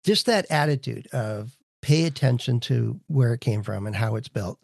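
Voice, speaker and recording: A man's voice: mid-range voice, moderate pace, creaky, darkish tone, no echo, clean studio sound. A man in casual conversation as a guest engineer, telling work anecdotes. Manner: anecdotal, chuckles. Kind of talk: casual technical chat.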